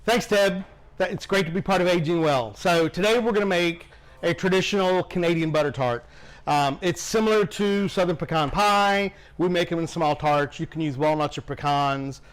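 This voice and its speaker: A pastry chef, a man with a somewhat high voice, demonstrates a recipe in a bakery kitchen. He speaks plainly and practically, giving tips one step at a time. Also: moderate pace, poor audio. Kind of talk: cooking demonstration.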